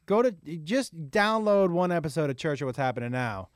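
A man's voice: fairly high pitch, brisk, clear, resonant tone, dry recording, studio quality. A man who is a comedian guest on a podcast, telling stories in casual chat and swearing freely. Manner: animated storyteller, swears freely.

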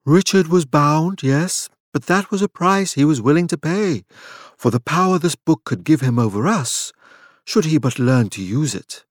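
A man voicing a calm, scheming leader in an audiobook, measured and deliberate. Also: on the high side, no echo, studio quality, voice pushed up. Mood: firm.

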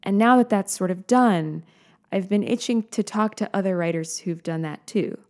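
A woman podcast host giving a measured, earnest scripted introduction of her guest. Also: medium pitch. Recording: soft music underneath.

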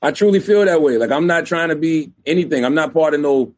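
A man from South Carolina, a radio host guesting on an interview, talking in a relaxed, chatty way. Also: a little high, fairly quick. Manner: relaxed, chatty, many fillers like "you know". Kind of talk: candid interview conversation.

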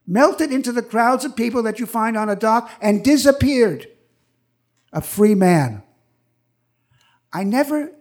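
Older man, live stage storytelling, high-pitched voice, animated, acts out voices.

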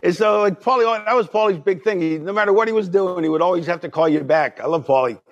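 A middle-aged man with a slightly raised voice tells stories as a podcast guest. He is animated and acts out the people he quotes as he goes. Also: high-pitched, fast, highs cut off. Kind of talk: casual storytelling.

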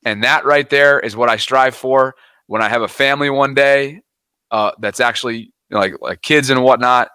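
A young man co-hosting a sports podcast, retelling moments in an animated, play-by-play way. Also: mid-range voice, moderate pace, smooth, no room sound. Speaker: podcast co-host. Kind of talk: casual sports chat.

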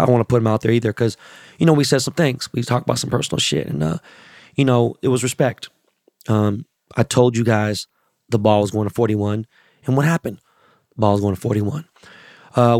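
Hoarse-voiced man hosting a podcast. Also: medium pitch, darkish tone, no echo, studio quality. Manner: blunt, swears a lot, rambling. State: hoarse, lost voice. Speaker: podcast host. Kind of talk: casual profane podcast monologue.

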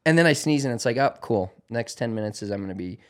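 A man's voice: medium pitch, lively intonation, fast talker. A man chatting casually on a podcast, rambling with lots of fillers. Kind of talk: casual chat.

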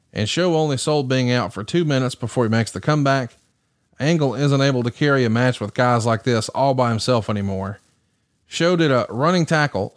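Male podcast host, brisk recap commentary, questioning co-host, mid pitch, dry close mic. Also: dry recording. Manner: brisk, reads match results and asks questions.

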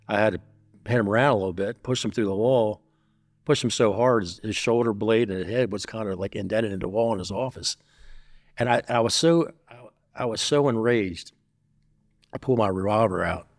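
A man telling a story as an interview guest, blunt and profane, getting animated. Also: on the low side, no echo, clean studio sound.

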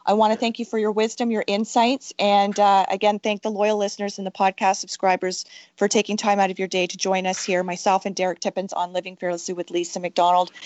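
A woman's voice: medium pitch, a little mellow, dry recording. A woman hosting a podcast interview, effusive and uplifting, speaking in long wordy sentences. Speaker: podcast host. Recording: dry, dull lo-fi audio.

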